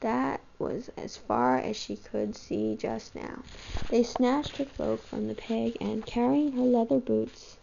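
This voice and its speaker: A woman reading a novel aloud with a gravelly voice, steady and even. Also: on the high side, takes it slowly, slight background noise. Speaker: reader. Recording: dull lo-fi home recording.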